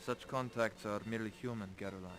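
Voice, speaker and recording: A man's voice: fairly low pitch, steady tone, a bit bright, soft background music, close to an everyday voice. A man playing a courtly gallery owner. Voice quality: formal, slow, old-fashioned courtesy. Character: suave older male gallery owner, courtly and secretive.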